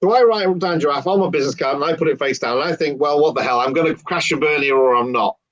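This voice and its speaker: Male magician, lively anecdote teller, muffled dry audio. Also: fairly high pitch, quick pace, dry recording. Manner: animated, acts out dialogue. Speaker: guest magician. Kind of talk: casual storytelling.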